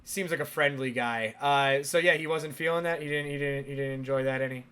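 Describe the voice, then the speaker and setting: A man's voice: medium pitch, steady tone, pushed and bright, smooth. A man hosting an interview show, chatting casually and laughing often. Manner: laughs often, quick and playful. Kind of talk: casual chat over a video call.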